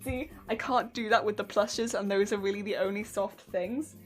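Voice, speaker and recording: A woman's voice: mid-range voice, steady tone, moderate pace, faint music behind. A woman streamer chatting casually while sewing, bubbly and rambling, laughing often.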